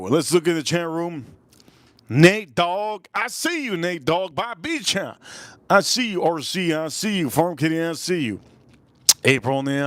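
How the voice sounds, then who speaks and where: A man's voice: fairly high pitch, no echo. A man hosting a live stream in a loose, repetitive, chatty way, calling out viewers' names one after another. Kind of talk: casual live stream chat.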